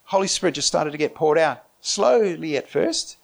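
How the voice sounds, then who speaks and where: Animated high-pitched male preacher. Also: moderate pace, gravelly. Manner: animated, laughing often, acts out quoted voices. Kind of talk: lively sermon storytelling.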